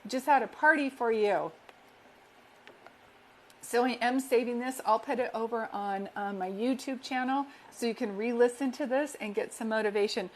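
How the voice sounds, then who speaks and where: With a voice on the high side and a moderate pace, a woman gives a psychic medium's reading on a live stream, with a bit of hiss or hum in the background. She's loving and reassuring, uses sweetheart for her listeners, and repeats affirmations earnestly.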